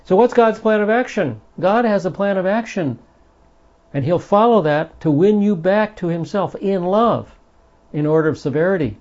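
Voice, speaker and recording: This Bible study lesson comes from a man whose voice sits high and sounds expressive and a little mellow at a moderate pace. Reading passages aloud, he stresses them in an earnest, emphatic way. The lo-fi recording sounds dull.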